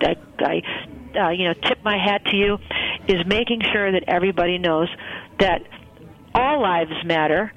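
A woman's voice: on the low side, moderate pace, dull audio. A woman guest on a talk show, a ceremony celebrant telling her story in an earnest, rambling way with many fillers. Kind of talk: conversational interview storytelling.

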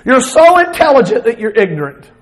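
A middle-aged man with a Southern accent preaching a sermon, expressive, at times acting out the words of Jesus. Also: extremely high pitch, fairly quick, low-quality recording. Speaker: pastor.

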